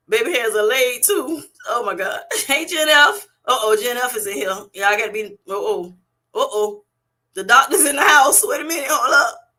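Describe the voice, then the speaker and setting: A middle-aged woman hosts a casual livestream from home, chatting with viewers and laughing often. Her voice sits a bit high and sounds bright and forceful. She keeps up a lively banter as she reads out comments. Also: moderate pace. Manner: animated, laughing often, reading chat comments aloud. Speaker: livestream host. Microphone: webcam or streaming setup.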